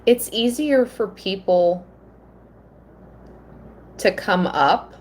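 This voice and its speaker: A woman giving a live tarot reading, slow and earnest, at times emotional. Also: fairly low pitch, darkish tone, a little hiss or hum. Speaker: tarot reader.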